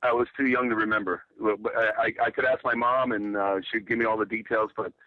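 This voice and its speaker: A man's voice: lowish voice, flat delivery, quick pace, no room sound, muffled recording. A man from the United States, a guest in a casual interview, telling stories in a laid-back, rambling way.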